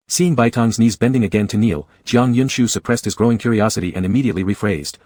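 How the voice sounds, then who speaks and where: A man narrating a story in a steady, scripted reading. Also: medium pitch, fairly quick, no echo, studio quality.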